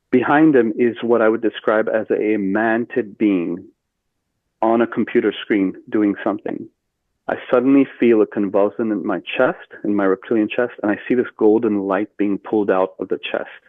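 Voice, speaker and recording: A man telling a personal story as a podcast guest, earnest and steady with fillers. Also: fairly low pitch, dry recording. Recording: tinny phone-like line, dry.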